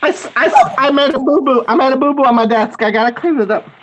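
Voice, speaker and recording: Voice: quick pace, a little hiss or hum, lightly acted. A performer voicing a goofy, childlike male character who stammers and giggles in an improvised livestream bit. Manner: stammering, giggly, high-pitched.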